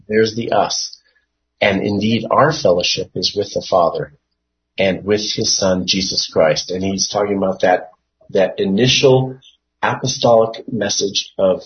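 Slow, low-voiced man teaching scripture. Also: highs cut off. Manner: unhurried, thinking aloud with many fillers and restarts. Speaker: Bible study teacher. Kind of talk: informal Bible study teaching.

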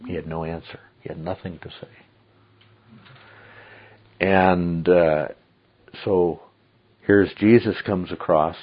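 A man's voice: deep voice, steady tone, slow pace, long pauses. A man teaching a Bible study, emphatic and checking in with frequent "okay?"s. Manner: emphatic, repeats "okay?" often. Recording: dull lo-fi recording.

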